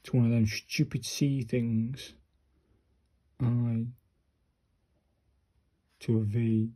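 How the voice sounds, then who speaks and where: A man slowly talking his viewers through handwriting practice, muttering each stroke as he writes. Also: medium pitch, level tone, dark tone. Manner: slow, muttering step-by-step to himself and viewers. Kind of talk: casual narrated handwriting practice.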